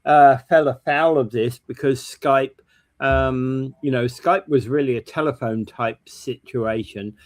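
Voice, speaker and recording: A man's voice: mid-range voice, a little slow. A man co-hosting a morning talk show, explaining technology in a casual, informative way. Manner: explanatory, tech-minded. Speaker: co-host. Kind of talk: casual chat.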